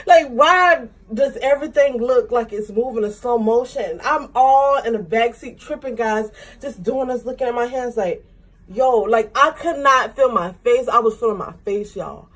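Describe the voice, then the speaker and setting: A young woman, a beauty vlogger, telling a casual story while doing her makeup, with slangy talk that jumps high in pitch when she gets excited. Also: measured pace.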